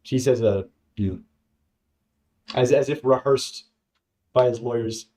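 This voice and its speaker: A man telling a personal story in a casual, halting way, repeating words and acting out what others said. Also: medium pitch. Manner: halting, repeats words, lively quoting voices. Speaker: former contestant telling his story.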